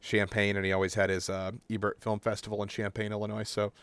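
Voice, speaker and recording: Smooth low-voiced man chatting. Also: monotone, fast, a bit bright, no echo. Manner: easygoing, chuckles along. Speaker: podcast co-host. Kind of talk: casual chat.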